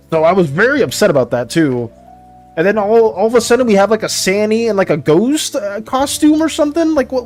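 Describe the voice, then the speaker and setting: A man with a high voice chats to his stream while he draws. He is excitable and dramatic, and his pitch swings widely as he talks. Soft music plays quietly behind him. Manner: excitable and dramatic, laughs often. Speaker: art streamer. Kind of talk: casual live-stream chat while drawing.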